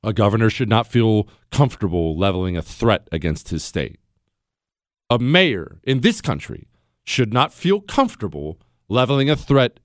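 A man hosting a call-in radio show, indignant and incredulous, swinging from low mutters to loud outbursts into a studio microphone. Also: no room sound. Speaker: radio talk show host. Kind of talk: opinionated call-in talk radio.

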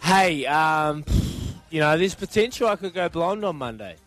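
A man on breakfast radio telling an animated anecdote and acting out the quotes in it. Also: fairly high pitch, normal speed, soft background music. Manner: animated storyteller who acts out quotes. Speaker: radio panelist. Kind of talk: casual breakfast radio banter.

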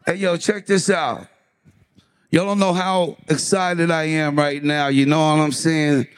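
A man hyping up a live crowd with shouted call-and-response and a slang-heavy, energetic delivery. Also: fairly high pitch, unhurried, smooth. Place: large live event hall with audience.

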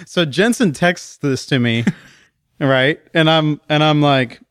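A man's voice: a little high, slow pace, a bit bright, clear, resonant tone, no room sound, studio quality. A man co-hosting a podcast in easygoing casual banter, sometimes searching for words. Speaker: podcast co-host.

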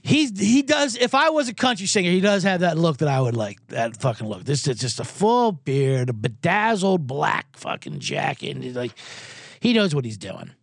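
A man's voice: fairly high pitch, very animated, normal speed, gravelly, dry recording, studio quality. A man hosting a sports betting show in loose, rambling, profane casual talk, reading out viewer comments as he goes.

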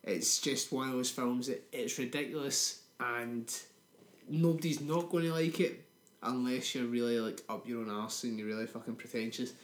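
A man's voice: medium pitch, moderate pace. A man, co-hosting a podcast and trading crude jokes in casual film-review chat. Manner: crude, joking banter. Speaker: podcast co-host. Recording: roomy echo.

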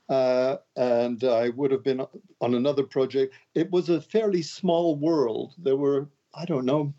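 An older man from Canada, a guest author, answering interview questions in a relaxed, conversational way with wry, self-deprecating jokes. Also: medium pitch, dull audio. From Canada (Montreal).

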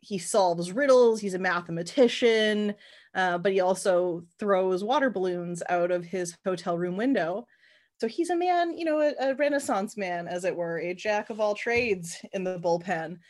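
A woman co-hosting a podcast, chatting casually about a film and retelling scenes in an animated way. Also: mid-range voice, normal speed. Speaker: podcast co-host. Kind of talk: casual movie discussion.

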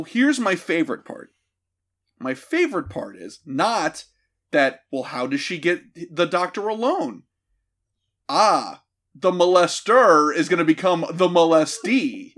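A man's voice: high-pitched, fairly bright tone. A man recapping a movie with sarcastic, laughing comic riffs.

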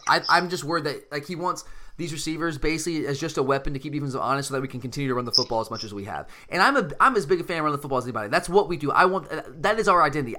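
A man's voice: on the high side, pushed and bright. A man hosting a casual sports talk show, talking animatedly and emphatically, often restarting his sentences. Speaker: sports podcast host.

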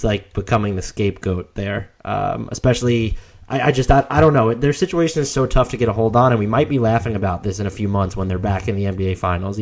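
Low-voiced man, animated podcast co-host. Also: creaky. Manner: animated, restarts sentences, rising emphasis. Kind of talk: casual podcast chat.

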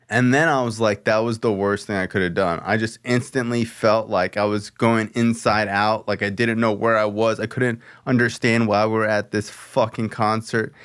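A man's voice: fairly low pitch, clear, resonant tone. Man: podcast host, loose storytelling. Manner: loose, expletive-laced storytelling full of "like". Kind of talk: casual storytelling chat.

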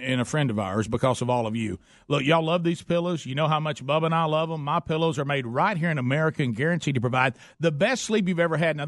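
A man's voice: fairly high pitch, dry recording, studio quality. A man hosting a radio talk show, reading sponsor ads in an upbeat, folksy way. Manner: upbeat, folksy salesman patter. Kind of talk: live-read radio ad and talk. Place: radio studio.

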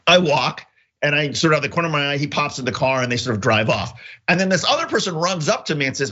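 A man in his fifties co-hosting a podcast, telling a story in casual chat and jumping his voice high to act out the lines. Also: lively intonation, lo-fi sound. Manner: fast, bright, acts out lines in a much higher voice. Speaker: podcast co-host.

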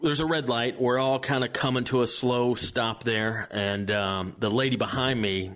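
A man's voice: mid-range voice, steady tone, moderate pace, fairly bright tone. A man co-hosting a podcast in casual chat, telling his own bad luck with a wry laugh. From Los Angeles area. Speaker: podcast co-host.

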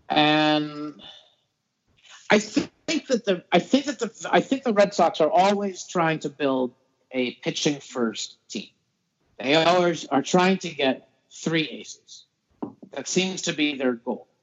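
A man from the Boston area, a podcast guest in casual sports chat, rambling and easygoing with restarts. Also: fairly high pitch. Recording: dull lo-fi audio.

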